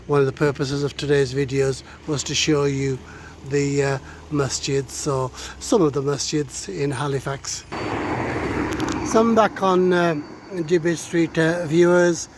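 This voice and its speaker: A middle-aged man talks his way down a street, slowly and out of breath, with a fairly high voice. He stops often on "uh" and speaks straight to his viewers. Faint traffic hums behind him outdoors. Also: a little mellow. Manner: hesitant, many "uh" fillers, addresses viewers. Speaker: vlogger giving a local tour. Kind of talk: casual walking commentary.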